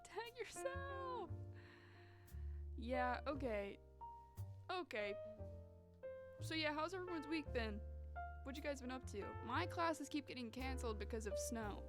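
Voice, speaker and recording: A woman's voice: high-pitched, moderate pace, long pauses. Chatty young woman streamer. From North Carolina. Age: young adult. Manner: chatty, animated, sassy rants. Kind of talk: casual live-stream chat. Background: music.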